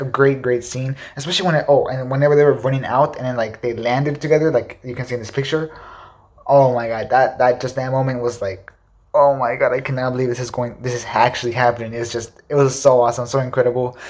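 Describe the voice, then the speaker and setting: A young man talks through his favorite movie scenes in a casual, gushing way. He speaks fast, at an average pitch, piling up fillers and repeating words as he enthuses. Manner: excitable, repetitive gushing with many fillers. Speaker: movie reviewer. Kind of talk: casual ranking commentary.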